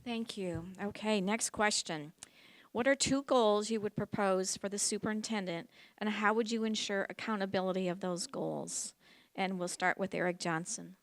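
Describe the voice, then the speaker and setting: A woman moderating a candidate forum in a brisk, businesslike way, in council chambers. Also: medium pitch, steady tone.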